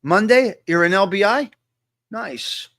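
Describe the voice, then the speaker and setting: High-voiced New man chatting. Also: lively intonation, slow, bright, forceful tone, no echo, clean studio sound. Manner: talks to chat viewers, repeats phrases emphatically. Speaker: host. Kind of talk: casual live-stream chat.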